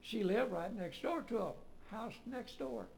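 A man's voice: high voice, animated, darkish tone, husky. A man preaching a sermon in a folksy, storytelling way, rising dramatically when he quotes. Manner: folksy, slow, with dramatic rises when quoting.

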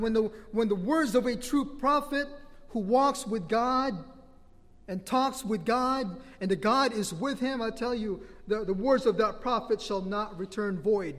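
A high-pitched man preaches from the pulpit of a church, and his voice rings through a reverberant hall. He reads scripture with building emphasis, then slips into a plain, conversational explanation. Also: a little slow, fairly bright tone. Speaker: pastor. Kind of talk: sermon with scripture reading. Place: church sanctuary.

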